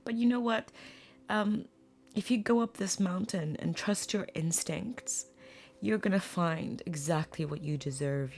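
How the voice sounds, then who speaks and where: A woman giving a spoken tarot reading to her viewers, earnest and emotional, often pausing to search for words. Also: fairly low pitch, a little mellow. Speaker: tarot reader.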